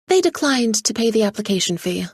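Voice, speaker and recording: A woman's voice: fairly high pitch, big pitch swings, a little fast, slightly rough, no echo, studio quality, pitched above the performer's own voice, full character voice. A woman voicing a businesslike female assistant who reports politely and efficiently.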